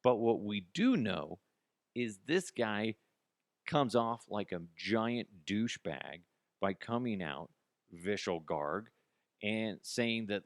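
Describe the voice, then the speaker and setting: A man's voice: fairly low pitch, expressive, slow, dry recording, studio quality. A man hosting his own podcast, ranting in a blunt, mocking way with lots of restarts. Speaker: podcast host. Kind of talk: casual solo podcast rant.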